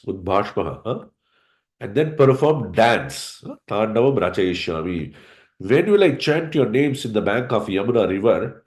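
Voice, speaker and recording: A man teaching a scripture class. He recites Sanskrit verses and explains them in an earnest, unhurried way, often checking in with his listeners. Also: fairly low pitch, animated, darkish tone, reverberant.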